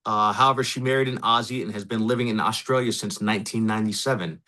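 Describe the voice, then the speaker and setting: A man's voice: fairly low pitch, fast talker, pushed and bright. Chatty male podcast host. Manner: loose and chatty, with many fillers. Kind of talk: casual interview.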